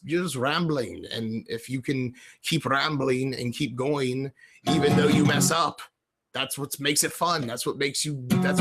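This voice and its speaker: Here a livestream host chats from home in a medium-pitched voice, rambling and responding to messages from viewers. He affects a British-sounding accent that comes and goes.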